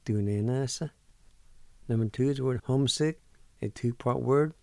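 A man hosting a radio language lesson. He spells words letter by letter and says them again slowly, one syllable at a time, in a patient, deliberate way. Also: mid-range voice, creaky, darkish tone, dry recording. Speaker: radio host teaching vocabulary.

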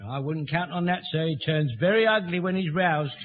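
An actor playing an eager, stubborn elderly corporal who talks in an old-fashioned, ungrammatical way in a radio sitcom. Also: male voice, a little high, brisk, lightly acted. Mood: indignant. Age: older. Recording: thin tinny archive broadcast with reverb.

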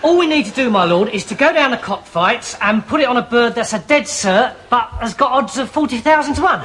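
Brief: grubby dimwit servant, laughing audience, noisy track. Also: male voice, very high voice, expressive, fairly quick. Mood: deadpan. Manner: dull, matter-of-fact, mumbling. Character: grubby dim-witted male servant, cheerful. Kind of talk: sitcom acting.

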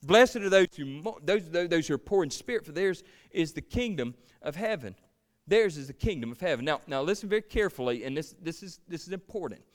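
A male pastor delivers a sermon in an earnest, emphatic way. His voice sits a little high for a man, and he repeats words as he builds his points, swelling loud and then falling to near quiet. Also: expressive, a little fast.

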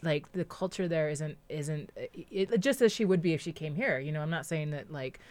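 A woman's voice: low-pitched, normal speed, a little mellow, no room sound. A woman guest on a radio show, talking casually with many fillers and laughing easily. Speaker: documentary filmmaker guest. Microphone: studio microphone.

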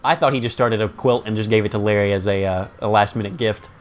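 A man co-hosting a casual podcast, recapping a sitcom episode with profanity and quick quoted bits. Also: lowish voice, a little hiss or hum. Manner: profane, animated, quotes characters in bursts. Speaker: podcast co-host.

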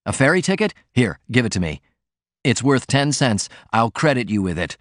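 A man reading the lines of a blunt, fierce young sailor-turned-writer, barking commands in a forceful way. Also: medium pitch, sing-song, moderate pace, dry recording, studio quality, lightly acted.

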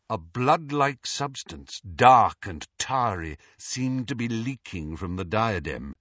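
Male audiobook narrator, expressive, bright voice, slow pace. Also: fairly low pitch, no room sound, dull audio. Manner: dramatic, expressive reading. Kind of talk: scripted narration.

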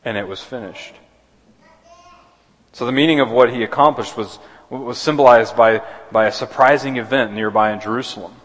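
A man's voice: medium pitch, normal speed, fairly bright tone. A man preaching a sermon as pastor, earnest, often restarting and repeating words. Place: church sanctuary. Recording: long hall reverb.

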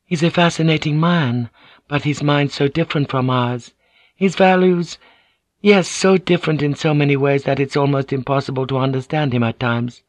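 A male reader voicing a poised, courteous samurai noblewoman who speaks softly and formally. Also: fairly high pitch, fairly even intonation, moderate pace, dry recording, pitched above the performer's own voice, lightly acted. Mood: polite. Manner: soft, formal and deferential.

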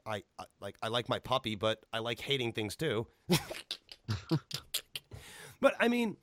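A man hosting a casual chat, ranting animatedly with a lot of swearing, and jumping to high pitch when he stresses a point. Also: sing-song, measured pace, fairly bright tone, dry recording.

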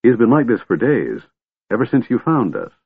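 A man reading a storybook aloud, voicing a frightened young woman who tries to stay strong, in a soft, pleading way. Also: medium pitch, huge pitch swings, normal speed, gravelly, slightly rough, no echo, exaggerated voice. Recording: tinny phone-like dry sound.

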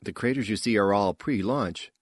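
A man voicing a brisk young spacefarer woman. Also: fairly low pitch, slightly rough, no echo, studio quality.

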